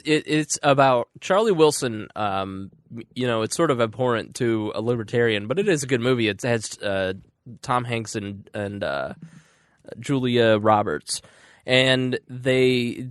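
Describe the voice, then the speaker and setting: A man's voice: medium pitch, no echo. Explaining man, dry close podcast sound. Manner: explains at length, steady storytelling. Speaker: podcast co-host. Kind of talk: casual chat.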